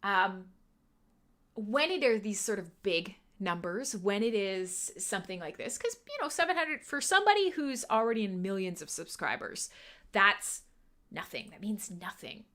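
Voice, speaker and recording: Animated, bright-voiced woman streamer. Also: medium pitch, normal speed. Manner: chatty, animated, laughs often, swears casually. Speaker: livestream host. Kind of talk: casual livestream chat.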